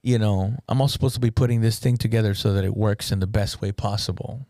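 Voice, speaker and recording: A man of ordinary pitch talks shop on a casual podcast, rambling and restarting his sentences as he thinks aloud. The mic is close and dry, with no room sound. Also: steady tone, fast, warm tone, dry recording. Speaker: podcast host and comedian running a show.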